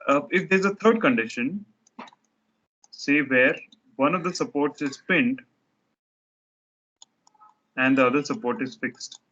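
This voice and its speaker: A man's voice: mid-range voice, measured pace, long pauses, bright, forceful tone, muffled recording. A man teaching a structures lecture, explaining step by step while he sketches diagrams, often restarting his sentences.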